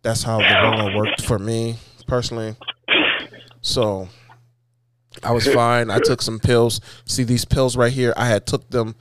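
A man's voice: mid-range voice, flat delivery, a little slow, a bit bright, lightly acted. A man doing a rambling, boastful president. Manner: rambling, boastful absurd claims. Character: impression of a boastful former male president. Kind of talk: comedic podcast banter.

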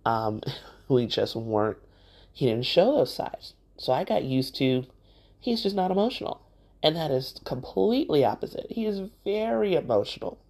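A woman's voice: deep voice, very animated, moderate pace, warm tone. Encouraging woman podcast host. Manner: conversational, encouraging, speaks straight to the listener. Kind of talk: motivational podcast monologue.

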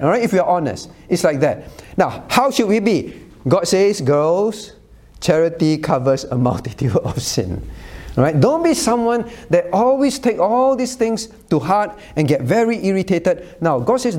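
Male pastor, Cantonese first language, animated sermon delivery, pitch moves a lot, teasing asides. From Cantonese-speaking Chinese community. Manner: animated, teasing asides with frequent "all right?" check-ins.

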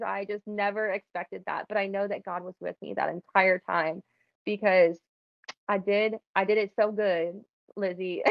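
Young woman telling her faith story, casual and earnest, raspy fry, dry close sound. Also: medium pitch, dry recording, muffled recording. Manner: casual, earnest, uses "like" often. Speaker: guest sharing testimony. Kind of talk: personal testimony.

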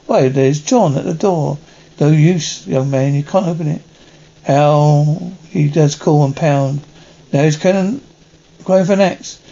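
A man reading a first-person story aloud in a halting, stumbling way, often restarting words. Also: a little high, creaky, dark tone. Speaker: reader. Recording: dull lo-fi recording.

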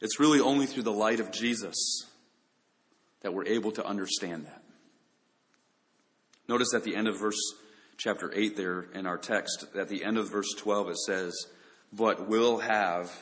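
A man's voice: fairly low pitch, a little slow, pauses often, fairly bright tone, in a large hall, rough recording. A man preaching a sermon, speaking earnestly and addressing listeners directly with rhetorical questions. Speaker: pastor.

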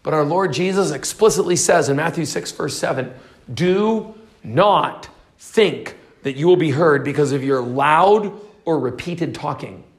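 A man with a high voice preaches a sermon. He reads scripture aloud and then explains it in the style of an expository preacher. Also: unhurried. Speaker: pastor.

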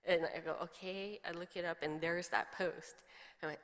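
A woman's voice: lowish voice, steady tone, moderate pace, a bit bright. A middle-aged woman pastor giving a chatty sermon, telling stories and slipping into quoted voices, often laughing. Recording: long hall reverb.

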